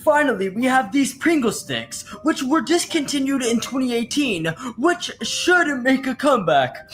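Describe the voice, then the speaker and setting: A man's voice: very high voice, sing-song, moderate pace, a bit bright, faint music behind. A man narrating a list of facts, enthusiastic and informative.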